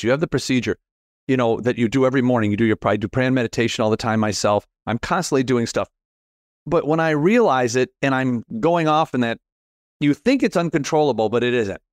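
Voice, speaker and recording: A middle-aged man hosting a podcast interview, talking in a rambling, animated, self-deprecating way. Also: medium pitch, brisk, no room sound, studio quality. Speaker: podcast host. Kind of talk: casual conversational interview.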